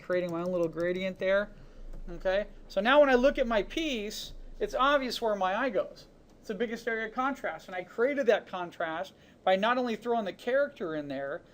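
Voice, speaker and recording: A man teaching digital painting on a screen recording, talking casually through each brush stroke with easy fillers. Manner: relaxed, talks while painting, narrates each brush stroke; casual, with fillers like "boom" and "you know". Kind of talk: screen-recorded art lesson.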